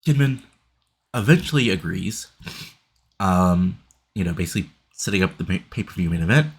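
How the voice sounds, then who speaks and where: A man's voice: low voice, normal speed, slightly rough. A stuffed-up man casually talking through his wrestling booking game, rambling with lots of fillers and restarts. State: stuffed up, congested. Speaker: host playing a wrestling booking sim.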